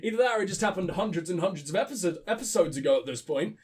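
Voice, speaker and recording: A man's voice: sits high, lively intonation, racing, slightly rough. A young man with sniffles, commentating his gameplay in a profane, rambling, joking way. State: sick with sniffles. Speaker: let's play host.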